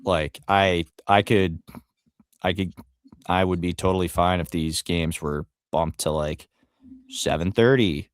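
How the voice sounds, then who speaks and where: A man's voice: sits low, a little slow, smooth, no echo, studio quality. A man co-hosting a sports podcast, rambling casually with frequent fillers and the odd curse. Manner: rambling, profane, trails off with fillers. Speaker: podcast co-host.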